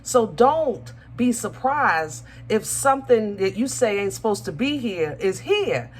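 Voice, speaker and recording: A woman's voice: medium pitch, big pitch swings, measured pace. A woman giving a casual tarot reading to her viewers, chatty and affectionate, often stopping to search for her words. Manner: chatty, affectionate, calls viewers baby and y'all; searches for words, many ums and restarts. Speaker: tarot reader.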